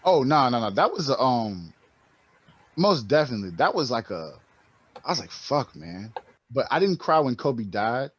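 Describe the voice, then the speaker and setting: A man's voice: medium pitch, normal speed, husky, highs cut off. A man co-hosting a podcast, speaking in casual conversation, telling stories animatedly with lots of slang. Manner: animated storytelling with frequent slang and profanity. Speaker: podcast co-host.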